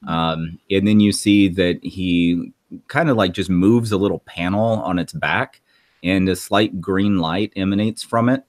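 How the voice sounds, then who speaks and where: Deep-voiced, slow game master narrating. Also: male voice, dry recording. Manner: halting narration with many ums and likes.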